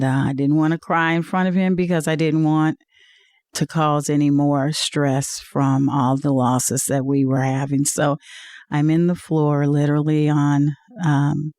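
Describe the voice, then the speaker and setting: A woman's voice: sits low, dark tone, dry recording, studio quality. Earnest woman telling a heartfelt story. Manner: earnest, heartfelt testimony with many "uh"s. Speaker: interview guest, league executive. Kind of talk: personal storytelling in an interview.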